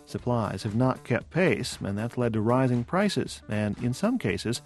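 Steady male radio reporter. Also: mid-range voice, a little slow, faint music behind. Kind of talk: scripted news report.

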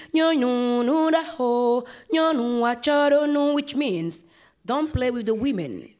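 A woman singer being interviewed, telling personal stories expressively and acting out the voices of her family. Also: medium pitch.

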